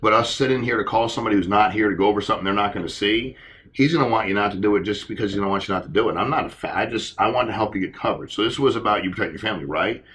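A middle-aged man answers a panel question in an earnest, animated way, acting out the conversations he describes. His voice sits low but sounds bright and forceful. He talks at a quick clip. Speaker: insurance agency leader.

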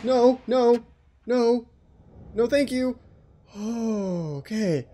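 Nervous gamer guy, mellow voice, yelps and mutters through a scary game. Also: very high voice, extremely slow. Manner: jittery, talks to himself, frightened outbursts. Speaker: let's play host. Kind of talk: horror game commentary.

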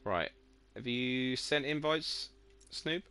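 A man's voice: mid-range voice, slow pace, bright, forceful tone, clean tone. A man streaming a video game, chatting casually and joking with friends. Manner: joking, playful, breaks into laughs. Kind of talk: casual gaming chat.

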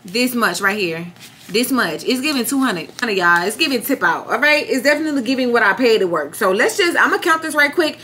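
A young woman vlogging casually to a phone camera in a room, chatty and animated, addressing viewers constantly with a hum from an air conditioner behind her. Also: on the high side, brisk. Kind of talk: casual vlog chat to camera.

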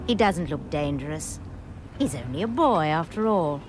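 A woman's voice: sits low, lively intonation, moderate pace. An actress playing a middle-aged mother who drives alone and chats in a fussy, inquisitive, apologetic way. It is a radio drama. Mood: chatty. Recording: loud car noise. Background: car engine and traffic noise.

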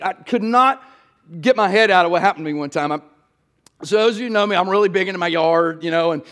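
A man's voice: high-pitched, fast talker, a bit bright. A male pastor, preaching a sermon in a church in a folksy, storytelling way and asking the crowd "y'all".

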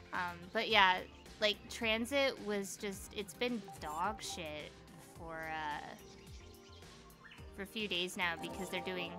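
Bright-voiced excitable woman streamer. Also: mid-range voice, slow pace, faint music behind. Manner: excitable, swears casually. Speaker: live streamer. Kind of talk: casual live gameplay commentary.

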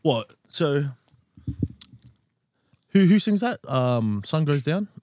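A man's voice: on the high side, sing-song, slow, darkish tone, slight background noise. A young man rambling and asking questions in a casual chat.

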